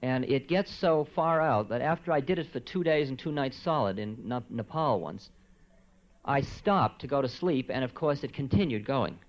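A man giving a relaxed spiritual talk to listeners, his voice soft and conversational, wandering into asides. The sound is dull and lo-fi, like an old tape recording. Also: mid-range voice, moderate pace. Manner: relaxed, conversational, soft-spoken with frequent asides and quiet chuckles. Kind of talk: informal spiritual lecture.

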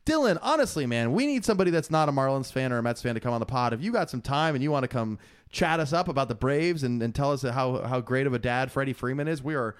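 A man's voice: mid-range voice, animated, fast, smooth. A young man co-hosting a casual podcast from his apartment bedroom, joking and teasing his co-host.

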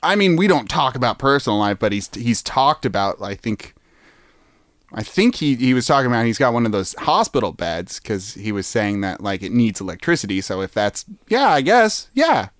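Playful podcast host with a lively voice. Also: male voice, mid-range voice, moderate pace, no echo, studio quality. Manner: playful, jumps into silly voices and animal noises. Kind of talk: improvised comedy chat.

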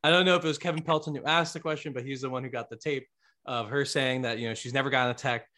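Man, podcast co-host, bright voice, playful storyteller. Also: medium pitch, steady tone, quick pace. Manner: playful storytelling, laughing often. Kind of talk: casual sports chat.

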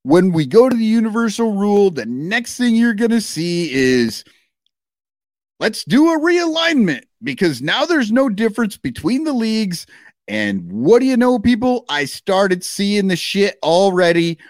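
A man's voice: high-pitched, normal speed, no room sound, studio quality. A man co-hosting a podcast, ranting casually with lots of swearing and rambling asides. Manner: animated, profane, rambling rants. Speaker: podcast co-host. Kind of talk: casual chat.

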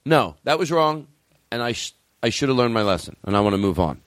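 Playful, lively man joking around. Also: medium pitch, a little fast, dry recording, studio quality. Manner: jumps into silly impressions and breaks into laughter. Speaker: comedy podcast host. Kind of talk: improvised comedy banter.

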